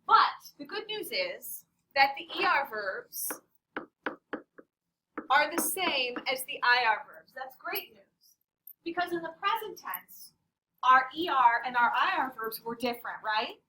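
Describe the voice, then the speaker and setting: Woman teacher running a class, high lively voice, kinda far from the mic. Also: a little slow, slight background noise. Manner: playful, animated, quizzes the class. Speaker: Spanish teacher. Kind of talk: classroom lesson.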